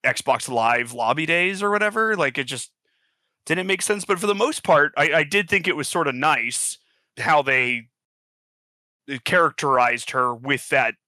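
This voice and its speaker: A man's voice: fairly high pitch, a little slow, bright, forceful tone, no echo. A man co-hosting a podcast in casual group chat, reasoning through his views with lots of fillers. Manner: thoughtful, analytical, filler-heavy. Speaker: podcast co-host.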